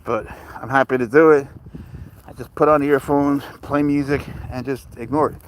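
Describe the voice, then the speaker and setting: A man's voice: mid-range voice, steady tone, normal speed, slight background noise, low-quality recording. An older man hosting a casual livestream, rambling and chatty as he reads out and answers viewer comments. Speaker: livestreamer with a pet cat.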